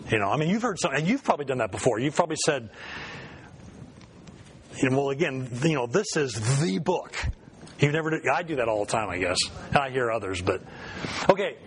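A man's voice: medium pitch, sing-song, fast, a little hiss or hum. A man teaching an informal Bible study class in a conversational way, quizzing the group and often correcting himself mid-sentence.

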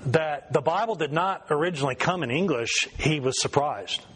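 A man's voice: fairly high pitch, animated, normal speed, fairly bright tone, a little hiss or hum. Conversational man leading a Bible class. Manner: conversational, questions the group, self-correcting. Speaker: Bible study teacher. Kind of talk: informal Bible class teaching.

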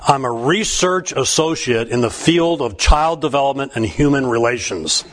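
A man reading a proud mother's lines, delivered in a crisp, dry, matter-of-fact way. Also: mid-range voice, animated, moderate pace, a bit bright, close to an everyday voice. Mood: deadpan. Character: woman, a proud mother stating her job.

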